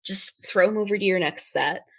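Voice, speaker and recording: A woman co-hosting a podcast, joking and enthusiastic and quick to laugh. Her voice is bright and forward, and her pitch sits in the middle. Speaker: podcast co-host. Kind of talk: casual chat.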